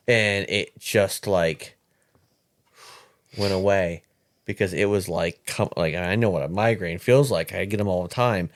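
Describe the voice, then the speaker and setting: A man with a low-pitched voice talks casually on a podcast. He tells his story in halting bursts, stumbling and restarting as he goes. It sounds like a relaxed conversation around a table. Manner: halting, restarts and repeats words.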